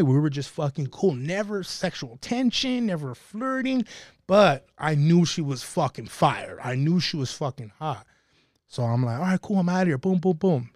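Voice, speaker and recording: A man's voice: a little high, darkish tone, dry recording, clean studio sound. A man telling a profane, laughing story in casual podcast talk. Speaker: podcast guest.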